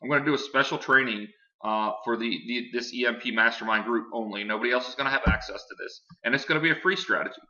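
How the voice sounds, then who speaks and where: Salesy man with a bright voice. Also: mid-range voice, quick pace, lo-fi sound. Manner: casual, filler-heavy, salesy. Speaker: online marketing presenter. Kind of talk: screen-share sales pitch.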